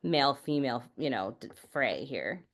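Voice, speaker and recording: A woman's voice: extremely low pitch, very animated, moderate pace. A woman chatting casually on a podcast, telling candid family stories, swearing freely and filling her speech with "like" and "you know". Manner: many fillers like "like" and "you know". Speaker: podcast guest. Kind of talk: casual chat.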